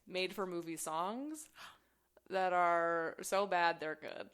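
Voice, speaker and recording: A woman co-hosting a podcast in casual chat, recapping movies as an animated storyteller who swears freely and laughs often. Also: on the low side, slow, clean tone. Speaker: podcast co-host.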